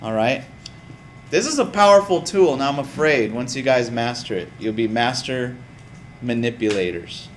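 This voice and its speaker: A man teaching a class in a lively, casual way, often putting questions to the students. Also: medium pitch, moderate pace, slight background noise. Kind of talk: classroom lecture.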